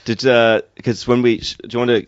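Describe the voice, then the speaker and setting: A man's voice: medium pitch, little pitch movement, brisk, clean tone, no echo, muffled recording. A man telling a story in casual chat, rambling with many fillers. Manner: loose, rambling, full of fillers.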